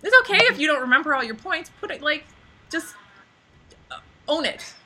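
A woman coaching people on camera in a casual webinar, chatty with lots of "like", acting out little scenes in a high voice. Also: expressive, normal speed, bright, forceful tone. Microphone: computer microphone on a webinar.

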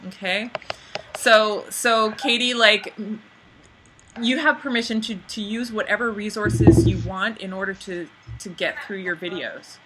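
A woman coaching people on camera in a casual webinar, chatty with lots of "like", acting out little scenes in a high voice. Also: measured pace, background noise. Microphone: computer microphone on a webinar.

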